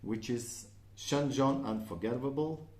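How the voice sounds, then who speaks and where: A man's voice: medium pitch, measured pace, darkish tone, reverberant. A man with a French accent, a native French speaker, chatting casually in a perfume review and often checking in with "okay?". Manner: chatty, frequent "okay?" and "uh" fillers.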